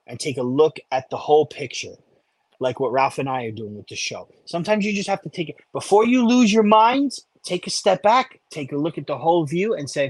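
Animated ranting man, husky voice. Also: a little high, brisk, no room sound. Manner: animated, ranting, repeats himself for emphasis. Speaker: podcast co-host. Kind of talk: casual sports chat.

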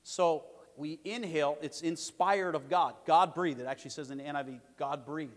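A man's voice: a little high, normal speed. Emphatic male pastor in a reverberant church. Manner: emphatic, repeats key words, swings between loud declarations and quiet asides. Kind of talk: sermon.

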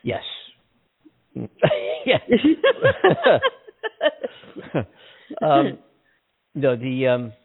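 A man co-hosting a casual talk show, wandering through the news and losing his thread. His voice is gravelly and husky, and it rises and falls a lot. The sound comes through a thin, phone-like line. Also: mid-range voice, wildly swooping pitch, very slow, long pauses. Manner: rambling, loses his train of thought, laughs at himself. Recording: phone-like streaming audio.

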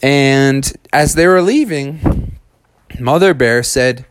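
A man narrating a children's story in a casual, read-aloud way, telling it slowly and with lively expression. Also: mid-range voice, smooth, no echo, clean studio sound.

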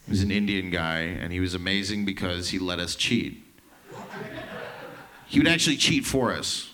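A man in his thirties from Canada doing a stand-up set, telling profane, rambling stories with quick asides. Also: low-pitched, pushed and bright. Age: 30s. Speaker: stand-up comedian.

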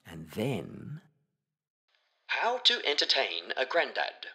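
A man reading a children's picture book aloud in an expressive, playful storytelling manner. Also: medium pitch, slow. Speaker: storybook reader.

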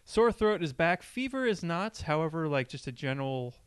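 Young male podcast co-host, smooth and resonant, dry close sound, rambling anecdote delivery. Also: fairly high pitch, sing-song, moderate pace, no echo. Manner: rambling, heavy on filler "like". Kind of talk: casual anecdote telling.

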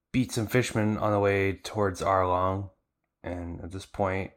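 Low-voiced man recapping anime casually. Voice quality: conversational, filler-heavy, animated retelling. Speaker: podcast host.

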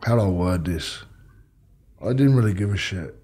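A man's voice: sits low, expressive, normal speed, dark tone, husky. A man with an Australian accent, a former rugby league player, telling rambling stories and swearing freely in casual chat.

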